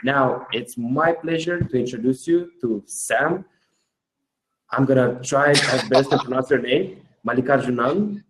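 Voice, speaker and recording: A man's voice: medium pitch, measured pace, a little hiss or hum, low-quality recording. A man with a Russian accent hosting a webinar in an enthusiastic, informal way. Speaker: webinar host.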